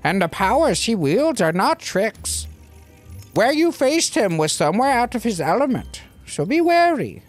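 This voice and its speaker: A gamer voicing a stern guardian elder who speaks in measured, cautionary tones. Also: medium pitch, big pitch swings, soft background music.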